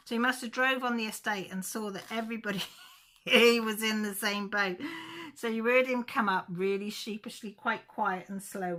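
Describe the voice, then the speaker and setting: A woman's voice: mid-range voice, pushed and bright. A woman, chatting casually to her channel viewers and telling a funny story with mild cussing. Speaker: craft channel host. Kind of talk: casual chat.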